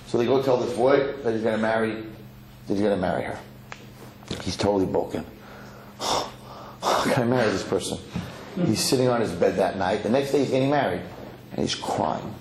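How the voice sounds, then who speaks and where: A rabbi giving a sermon, telling a parable in an animated storytelling manner with some Yiddish words, in an echoey lecture hall. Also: male voice, lowish voice, a little fast, a little hiss or hum. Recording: echoey hall, faint ambience.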